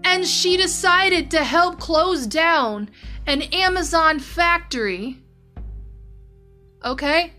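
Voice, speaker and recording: A woman's voice: extremely high pitch, expressive, takes it slowly, long pauses, sharp tone, soft background music. Profane woman ranting on her podcast. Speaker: podcast host. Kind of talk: news commentary podcast.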